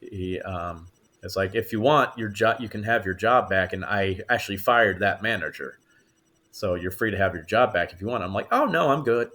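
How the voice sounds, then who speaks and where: A man's voice: low-pitched, normal speed. A man, an actor guest on a podcast, telling stories in casual chat and acting out the voices of the people in them. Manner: animated storyteller acting out quoted voices.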